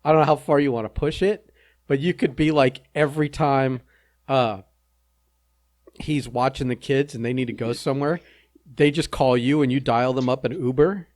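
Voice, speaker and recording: A man co-hosting a casual podcast, giving wry, measured commentary with a dry sense of humor. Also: medium pitch, fairly even intonation, darkish tone. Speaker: podcast co-host.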